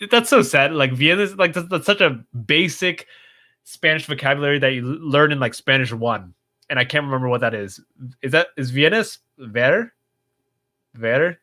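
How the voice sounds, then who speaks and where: A man hosts a casual livestream, reading viewer comments and answering them off the cuff. His voice is bright, and his pitch sits in an ordinary middle range. He rambles with plenty of fillers and restarts. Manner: chatty, rambling, reads viewer comments aloud with frequent fillers. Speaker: livestream host.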